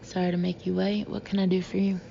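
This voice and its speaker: A man's voice: sits high, completely flat delivery, quick pace, vocal fry, mellow, lo-fi sound, a little hiss or hum. A woman narrator voicing an easygoing young male beach bum with a Texas accent, in a storybook. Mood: friendly. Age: young adult. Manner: easygoing, drawling, friendly.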